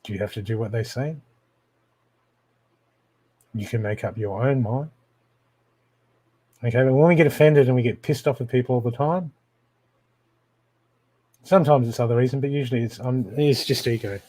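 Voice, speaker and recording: A man's voice: mid-range voice, moderate pace, long pauses, mellow, no echo. A man with an Australian accent, giving direct intuitive readings on a live stream and often checking in with the viewer. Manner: direct, keeps checking in with "okay?". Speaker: intuitive reader.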